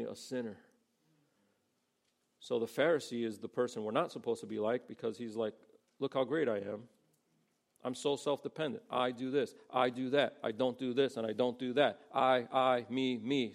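Gravelly-voiced man preaching casually. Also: medium pitch, fairly even intonation, moderate pace. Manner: conversational, acts out quoted voices. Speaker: pastor. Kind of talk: sermon.

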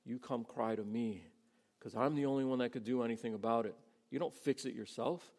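A man's voice: medium pitch, brisk, darkish tone. A man preaching a sermon in a casual, conversational way, acting out the people he quotes. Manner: conversational, acts out quoted voices. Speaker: pastor.

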